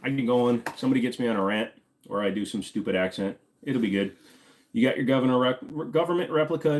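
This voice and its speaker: A man from Virginia hosting a casual live Q&A, rambling and joking while he answers chat questions. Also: medium pitch. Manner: rambling, joking, talks while fiddling with gear.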